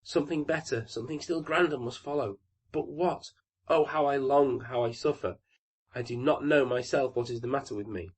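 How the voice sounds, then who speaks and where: A man's voice: mid-range voice, moderate pace, husky, voice pushed up. A man voicing a restless, yearning young fir tree. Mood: longing. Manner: yearning, eager questioning.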